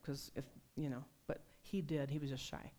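A woman preaching a sermon, telling personal stories in a conversational, animated way. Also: a bass voice, normal speed. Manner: conversational, animated storytelling with laughs.

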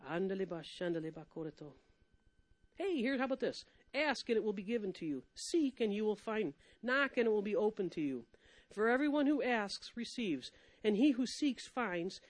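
A woman preacher giving a lively, emphatic sermon, laughing often and swinging between loud and soft. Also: a little high, no echo.

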